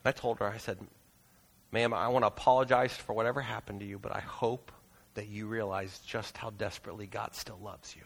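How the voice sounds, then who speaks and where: A pastor preaching a sermon in a church auditorium, earnest and pleading, moving into prayer. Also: male voice, fairly low pitch, level tone, fairly quick, fairly bright tone, big-room sound.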